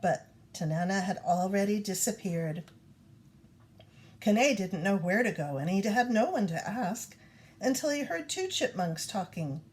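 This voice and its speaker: Woman, storybook read-aloud, lively swooping intonation, mid pitch. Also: unhurried. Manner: expressive, animated storytelling. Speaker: reader.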